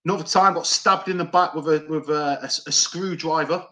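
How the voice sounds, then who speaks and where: A man's voice: on the high side, fairly even intonation, moderate pace, bright, forceful tone. A middle-aged man, a former doorman, telling stories to a podcast host in a rambling, repetitive way and swearing often. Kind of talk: casual storytelling.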